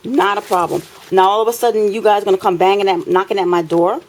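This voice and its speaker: A woman's voice: mid-range voice, steady tone, fast talker, poor audio. Indignant New woman venting at home. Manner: indignant, emphatic, repeats phrases for effect. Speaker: tenant filming a complaint. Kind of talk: impassioned complaint vlog. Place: her apartment, indoors.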